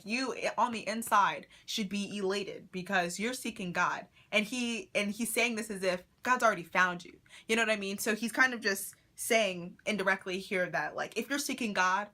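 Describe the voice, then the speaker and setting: A woman's voice: medium pitch, sharp tone. A young woman leading a casual Bible study vlog, talking with enthusiasm and reading verses aloud, with plenty of "like" and "you know". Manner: reads scripture verses aloud.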